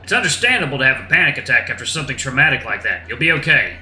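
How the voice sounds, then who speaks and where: A man voicing a big male wolf giant who speaks calmly and reassuringly. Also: mid-range voice, very fast, echoey room, faint music behind, rough recording. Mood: soothing. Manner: soothing and easygoing.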